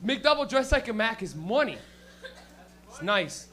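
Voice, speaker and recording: Brief: male stand-up host, crude and rambling, high bright voice, small live room. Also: lively intonation, normal speed, long pauses. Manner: crude, rambling, swears a lot. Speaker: comedy show host and comic. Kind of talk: stand-up and crowd work. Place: small comedy venue with a live audience.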